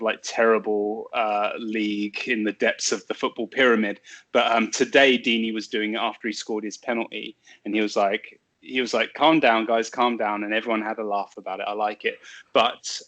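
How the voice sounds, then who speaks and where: A man co-hosting a casual football podcast, telling stories in a lively way with quick asides. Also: on the low side. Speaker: podcast co-host.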